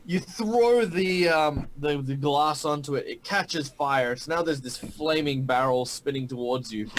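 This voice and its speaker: Male game master, slightly high voice, halting narration. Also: slight background noise, rough recording. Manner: halting, many fillers and restarts.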